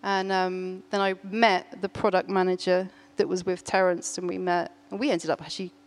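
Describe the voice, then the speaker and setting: Woman, middle-aged, casual storytelling, animated, laughing. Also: fairly low pitch. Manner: animated, laughing, quick restarts.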